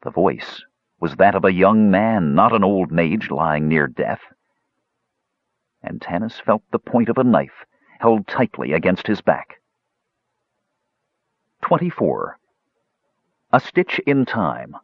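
A man narrating a fantasy audiobook in a dramatic, expressive reading. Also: deep voice, unhurried, no echo, muffled recording.

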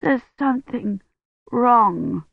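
A reader voicing a sick young man who speaks faintly and slowly, feverish and afraid. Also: mid-range voice, lively intonation, vocal fry, no room sound, narrow, tinny audio, voice pushed up, full character voice. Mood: weak, frightened. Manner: faint, slow, fearful murmuring. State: feverish, shivering.

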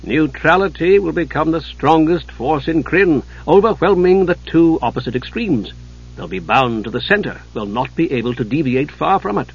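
A man voicing a scheming male god of trade, persuasive and mock-innocent, with a husky voice. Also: a little high, expressive, normal speed, highs cut off.

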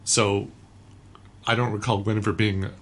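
A man's voice: on the low side, little pitch movement, normal speed. Blunt male film critic on radio. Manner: blunt, dismissive, laughs often. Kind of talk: casual radio chat.

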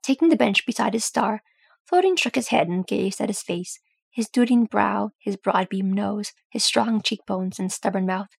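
A woman reads a fantasy story aloud in an even, steady way. Her voice is husky with plenty of fry. The sound is close and dry. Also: mid-range voice, normal speed, dry recording. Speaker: audiobook reader. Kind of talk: fan fiction audiobook narration.

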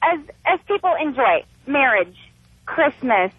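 A woman's voice: sits high, big pitch swings, measured pace, husky, dry recording. A woman calling in to a radio show, earnest and pleading as she disagrees with the host. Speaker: caller. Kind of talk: call-in radio conversation. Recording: tinny phone line.

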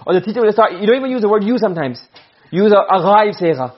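Moving at a brisk pace, an animated male teacher explains his lesson and often asks the class if they're with him. His voice is high and husky, and the audio comes across dull and lo-fi.

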